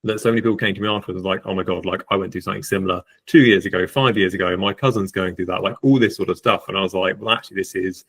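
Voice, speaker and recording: A man's voice: sits low, fairly even intonation, rapid-fire, few pauses, fairly bright tone, breathy edge. A man, a guest on a podcast, telling his own story candidly, with lots of fillers and restarts. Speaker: podcast guest, estate agent.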